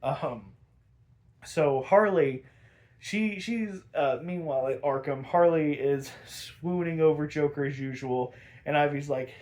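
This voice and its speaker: A man with a fairly high voice talks through a cartoon episode in a loose, chatty recap. His speech is full of fillers, and he laughs easily as he goes. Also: a little slow, a little mellow. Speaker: podcast host.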